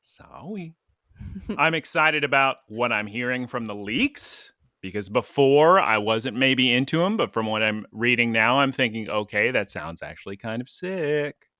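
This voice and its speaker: A man's voice: mid-range voice, expressive, moderate pace, pushed and bright, no echo, clean studio sound. A man co-hosting a casual podcast, talking in a playful, rambling way and laughing often. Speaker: podcast co-host. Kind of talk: casual chat.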